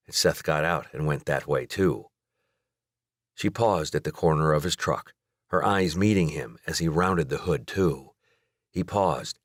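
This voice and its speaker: A man reading a romance novel aloud as audiobook narrator in a steady, measured way. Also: very deep voice, no echo, clean studio sound. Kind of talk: scripted narration.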